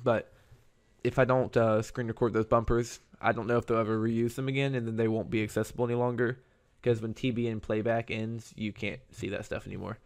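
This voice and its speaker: A man's voice: mid-range voice, flat delivery, fairly quick. A man hosting his own podcast, talking alone in a rambling, conversational way. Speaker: podcast host. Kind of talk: casual solo podcast monologue.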